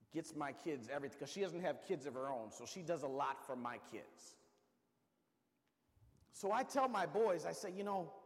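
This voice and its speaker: A man's voice: fairly high pitch, in a large hall. A man preaching a sermon, emphatic and repetitive, calling out to the congregation.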